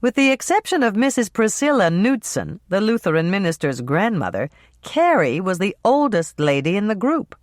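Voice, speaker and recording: An audiobook narrator reading a cozy mystery in a wry, measured storytelling manner. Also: mid-range voice, very animated, no room sound, clean studio sound.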